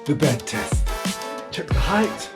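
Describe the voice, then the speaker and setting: A man's voice: on the high side, big pitch swings, slow pace, over loud music. Chatty man from East London. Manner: chatty, friendly, laughs easily. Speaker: vlogger and artist. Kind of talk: casual travel vlog narration. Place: outdoors cycling through a city.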